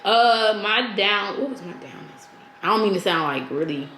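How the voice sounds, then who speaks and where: A woman's voice: medium pitch, moderate pace, reverberant, slight background noise. A woman from St. Louis with a St. Louis accent, co-hosting a casual podcast chat and telling stories with lots of laughter and acted-out quotes. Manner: animated storytelling, laughing, acting out quotes. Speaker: podcast co-host.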